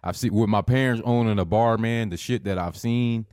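Man, 30s, low-pitched, slow profane storyteller, dry close sound. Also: a little mellow, clear, resonant tone, no echo. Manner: laid-back, profane, drawn-out storytelling. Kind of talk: casual storytelling chat.

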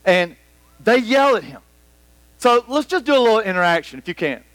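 A man preaching a sermon to a congregation in a church hall, animated and rambling, acting out scenes as he goes. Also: high voice, normal speed. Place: church hall with about a hundred people. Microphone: microphone.

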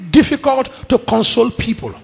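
A man's voice: very high-pitched, big pitch swings, a little fast, gravelly, darkish tone, breathy edge. A middle-aged man with a Nigerian accent preaching a sermon, emphatic, piling up repeated phrases. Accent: Nigerian English. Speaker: pastor. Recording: long echo of a large hall.

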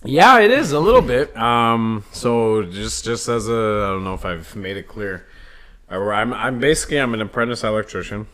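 A man's voice: lowish voice, animated, normal speed, a bit bright. A young man co-hosting a podcast, telling rambling, profane stories in casual chat. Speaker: podcast co-host.

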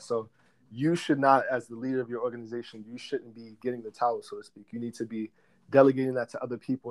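A man's voice: medium pitch, a little mellow. A young adult man giving long, earnest answers as an interview guest, explaining step by step with frequent fillers. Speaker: guest, credit repair business director.

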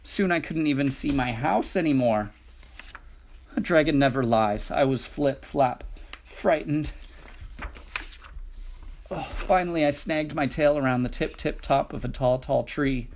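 A man's voice: mid-range voice, unhurried, pauses often, a little mellow, a little hiss or hum. A man reading picture books aloud with a rhythmic, playful delivery. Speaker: storybook reader.

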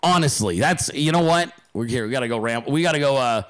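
A man's voice: mid-range voice, expressive, fairly quick. A man hosting his podcast, delivering a heated political rant full of profanity and emphatic repetition. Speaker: podcast host.

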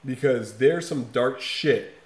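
A man in casual podcast chat, talking emphatically and with a lot of swearing, swinging from loud bursts to low, quiet stretches. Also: takes it slowly, reverberant. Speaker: podcast co-host. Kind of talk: casual chat reviewing an album.

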